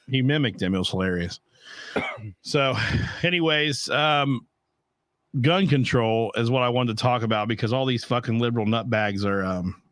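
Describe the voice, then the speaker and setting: A man's voice: medium pitch, fairly bright tone, dry recording, clean studio sound. Blunt, profane man hosting a podcast. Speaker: podcast host. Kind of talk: casual chat.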